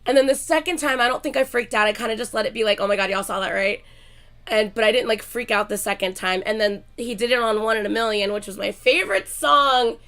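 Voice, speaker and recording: A young woman, sick and coughing, chatting casually with livestream viewers in an excitable, gushing way and reading names from the chat. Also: on the high side, fast.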